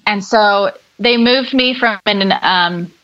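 A woman's voice: mid-range voice, slow pace, muffled recording. A young woman guest speaking candidly and upbeat in a casual podcast conversation, telling her own story.

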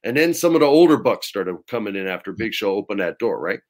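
A man as an interview guest, telling casual stories in an animated way with swearing and laughter. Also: lowish voice, fast talker. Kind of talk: casual storytelling.

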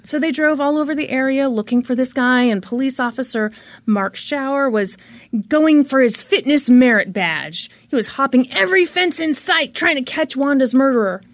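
A woman's voice: high-pitched, expressive, normal speed, no echo. A woman hosting a podcast, telling a true-crime case in a chatty, dramatic way and swearing freely. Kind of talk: casual storytelling.

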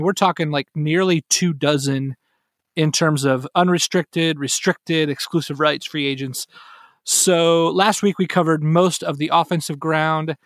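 A man's voice: fairly high pitch, a bit bright, dry recording. Teasing man with a dry close voice. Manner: teasing, laughs easily, hesitant restarts. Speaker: podcast co-host. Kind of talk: casual sports podcast chat.

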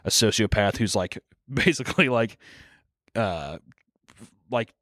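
A young man co-hosting a podcast in casual chat, riffing and joking with lively swings into put-on quoted voices. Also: fairly low pitch, no room sound, studio quality. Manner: animated, swearing, quick jokey riffs with put-on quotes. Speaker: podcast co-host.

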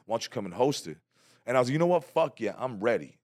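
A man's voice: medium pitch, expressive, quick pace, darkish tone, dry recording, clean studio sound. A man in his thirties, a stand-up comedian, telling a story in casual, profane chat and acting out other people's voices.

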